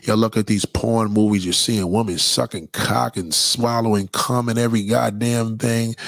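A man's voice: lowish voice, steady tone, moderate pace, gravelly, dry recording, studio quality. A man delivering a profane, preachy rant straight at his audience. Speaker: commentator. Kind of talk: impassioned monologue rant.

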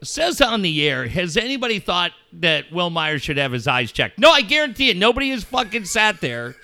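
A man's voice: sits high, sing-song, moderate pace, sharp tone. A man ranting about local sports with constant swearing and mocking put-on voices. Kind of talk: profane sports rant.

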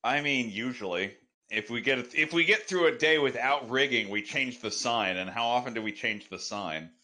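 A man's voice: medium pitch, normal speed, pushed and bright. A man as a podcast interview guest, answering in a dry, sarcastic way.

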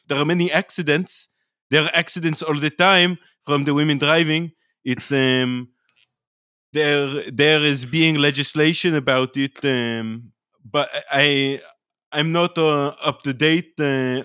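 A man's voice: on the high side, unhurried, pushed and bright, clean tone, no echo, clean studio sound. A man in his twenties putting on a mock Israeli accent, hesitant and full of fillers. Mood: deadpan. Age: 20s.

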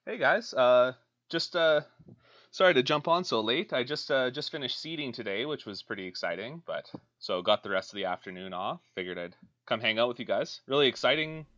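A man's voice: mid-range voice, animated, fairly quick, fairly bright tone, highs cut off. A man from Alberta, Canada, a podcast guest chatting casually and swearing freely, laughing often over a remote call. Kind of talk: casual chat.

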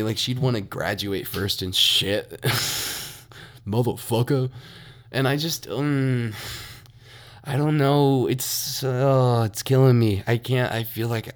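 A man's voice: mid-range voice, a little slow. A young man in his twenties hosting a solo podcast, ranting with constant swearing and frequent laughter. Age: young adult. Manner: profane, ranting, laughs often. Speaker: podcast host.

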